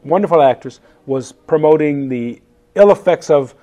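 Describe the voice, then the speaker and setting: A man in his fifties, a chef telling stories in a casual interview, animated and laughing as he acts out quotes. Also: a little high, normal speed, lo-fi sound.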